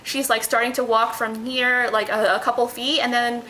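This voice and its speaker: A woman's voice: on the high side, level tone, moderate pace, pushed and bright, slight background noise, low-quality recording. A young woman talking casually to her camera at home, answering a list of questions and rambling with many fillers and restarts. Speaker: vlogger.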